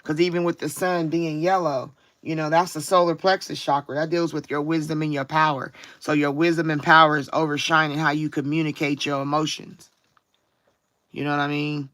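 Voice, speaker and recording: Bright-voiced woman giving a spiritual reading. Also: low voice, flat delivery, no echo. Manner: reflective, drawn-out emphasis, frequent "you know what I'm saying". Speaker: tarot card reader. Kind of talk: live-streamed spiritual card reading.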